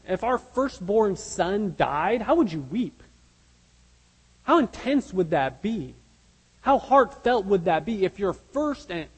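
A man's voice: sits high, a little mellow, breathy edge, big-room sound, low-quality recording. A man preaching a sermon as pastor, earnest and emphatic, asking his listeners rhetorical questions.

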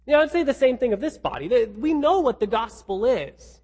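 High-voiced husky male preacher in a hall. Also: lively intonation, fast talker, hardly any pauses, a little mellow. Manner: emphatic, with frequent restarts and repeated words. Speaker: pastor. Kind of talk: sermon.

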